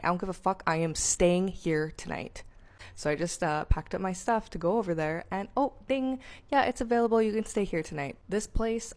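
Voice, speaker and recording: A woman's voice: deep voice, creaky, a little mellow. A woman talking straight to camera as a manifestation creator, blunt and emphatic, swearing freely. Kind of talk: casual direct-to-camera monologue.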